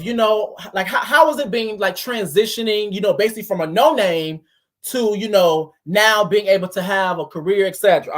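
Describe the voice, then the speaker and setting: Woman giving pointed reaction commentary. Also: mid-range voice. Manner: analytical, picks apart tone and wording.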